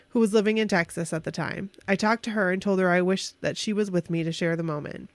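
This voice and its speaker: A woman's voice: mid-range voice, no echo. A woman co-hosting a casual podcast, chatty and giggly as she reads a fan story aloud, stumbling over words and correcting herself. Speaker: podcast co-host.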